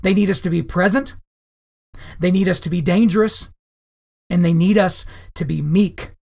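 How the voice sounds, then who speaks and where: A solo podcast host speaks directly to his listeners, calling them guys and repeating phrases for emphasis. His voice sits high and is a little mellow, with vocal fry, at a moderate pace.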